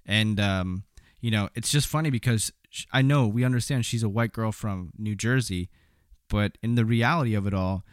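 A man's voice: medium pitch, no echo, clean studio sound. A man giving opinionated political commentary in a sarcastic, indignant, mocking manner.

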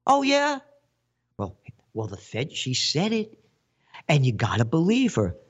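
Sarcastic man in a lively rant. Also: mid-range voice, a little slow, slightly rough. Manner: sarcastic, mocking, wordplay. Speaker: host. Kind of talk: ranting commentary.

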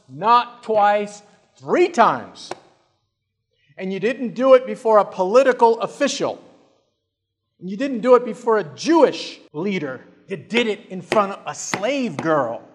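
A scolding, self-righteous accuser voiced by a male preacher hammers home each condemnation, pitched high and pressing hard. It is heard from a hall with a long reverb, and the words come slowly and deliberately. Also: lively intonation, full character voice. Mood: condemning. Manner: indignant, condemning, rising emphasis.

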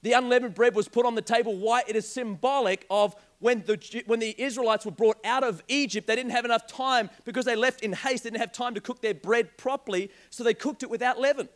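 Animated man preaching. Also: extremely high pitch, brisk, few pauses. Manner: animated, joking storyteller. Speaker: pastor. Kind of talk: sermon with personal story.

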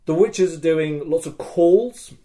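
A man with a fairly high voice tells a story in loose, casual podcast chat. He talks excitably, swears freely and fills gaps with "like" and "you know". He sounds like a co-host who is caught up in his own tale. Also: slow pace. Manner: excitable, profane, lots of fillers.

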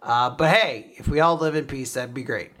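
Her voice is a rumbling low one, moving at a moderate pace. As a podcast co-host in a casual chat, she retells a manga chapter animatedly, voicing the characters' lines and laughing.

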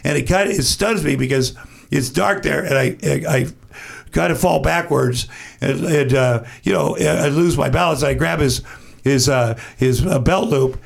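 Gravelly man telling a profane story. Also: mid-range voice, normal speed. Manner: animated, profane anecdote-telling; acts out other people's lines. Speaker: guest. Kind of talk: casual storytelling.

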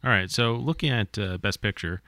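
A man's voice: on the low side, normal speed, bright, forceful tone, no room sound, clean studio sound. A man co-hosting a podcast, reviewing a movie casually with frequent stammered restarts.

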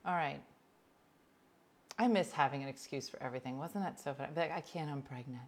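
A woman with a slightly low voice hosts a casual livestream at a brisk clip, reading out viewer comments and answering each person by name. She's chatty, blunt and jokey, swinging from loud outbursts to quiet asides.

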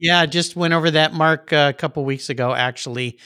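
Middle-aged podcast host as a guest, bright upbeat storyteller, dry booth sound. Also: male voice, a little high, a little fast, clean tone, dry recording. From Southern California. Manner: upbeat storyteller, acts out voices in anecdotes. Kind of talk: casual interview chat.

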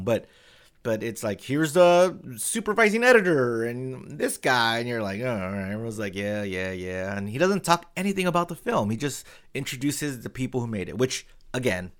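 A young man co-hosting a casual podcast, telling a story with lots of swearing and acted-out quotes. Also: medium pitch. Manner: animated storyteller, swears freely, acts out quotes. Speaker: podcast co-host.

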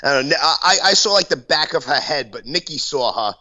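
A man's voice: a little high, expressive, brisk, sharp tone. A man from Brooklyn telling a rambling story in casual chat, full of fillers and swearing. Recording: dull lo-fi sound.

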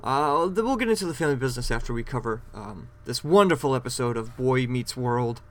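Hosting a podcast solo, a man recaps a TV episode in a chatty, rambling way and keeps correcting himself. His mid-range voice is animated and quick, with hardly any pauses.

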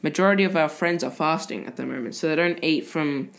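Student presenter, woman, low voice, casual and hesitant. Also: fairly quick, gravelly.

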